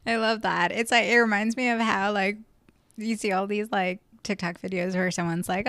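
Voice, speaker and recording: A woman's voice: mid-range voice, steady tone, normal speed, fairly bright tone, no echo. A young woman co-hosting a casual book club podcast, thoughtful and rambling with many filler words. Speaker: podcast co-host.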